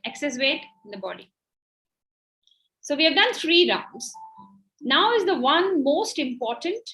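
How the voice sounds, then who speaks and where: A woman's voice: high voice, very animated, measured pace, pushed and bright, faint music behind, low-quality recording. A woman with an Indian English accent leading an online workshop, guiding a tapping and breathing exercise in an encouraging, instructive way. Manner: encouraging, instructive, laughs easily. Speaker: workshop facilitator.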